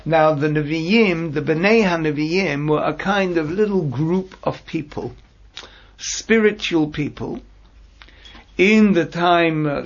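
A man with a gravelly, slightly high voice leads a Bible study lesson at an unhurried pace. He works through scripture phrase by phrase, translating and explaining each one. The recording is dull and lo-fi. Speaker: teacher.

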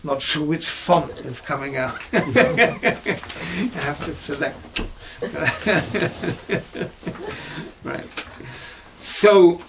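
A man teaching mystical texts in a slow lesson over a video call, hesitant and searching for words with fillers and restarts. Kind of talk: slow explanatory lesson with many pauses. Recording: dull low-fi audio with faint noise.

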